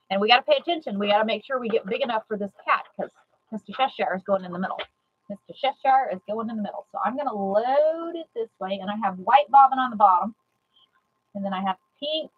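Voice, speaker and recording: A woman giving a live sewing demonstration, chatty and excitable, repeating herself and greeting viewers. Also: medium pitch, lo-fi sound. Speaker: sewing instructor.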